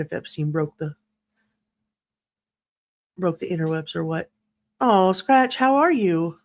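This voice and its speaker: A woman hosting a livestream, chatting casually and snarkily while reading viewer comments, laughing often. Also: lowish voice. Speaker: true crime livestream host.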